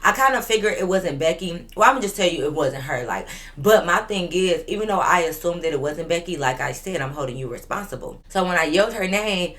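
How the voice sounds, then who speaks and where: A woman's voice: on the low side, animated, a little fast, few pauses, a bit bright. A woman in her twenties telling a storytime vlog in an emphatic, profane, fired-up way. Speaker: vlogger.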